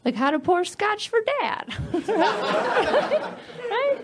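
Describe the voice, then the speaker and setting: A woman comedian doing a stand-up set of dark one-liners, giggling at her own jokes on a club stage mic. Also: very high-pitched, sing-song, very slow. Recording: live club set with audience laughter and noise.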